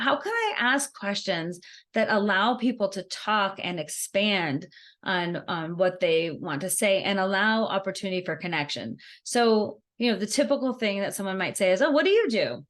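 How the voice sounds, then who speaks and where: A woman giving a networking skills workshop, talking in an animated, conversational way and laughing easily as she acts out examples. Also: mid-range voice, moderate pace. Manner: laughs easily while explaining. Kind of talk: workshop presentation.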